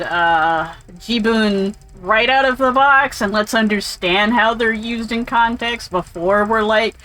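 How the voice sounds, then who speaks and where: A woman's voice: a little high, a bit bright, poor audio. A woman casually commentating while playing a game, rambling and swearing freely. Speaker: let's play streamer.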